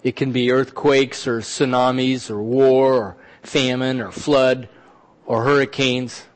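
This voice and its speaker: A man preaching a sermon as pastor, animated, often repeating words and dropping to a soft, intense hush. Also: medium pitch, slow pace.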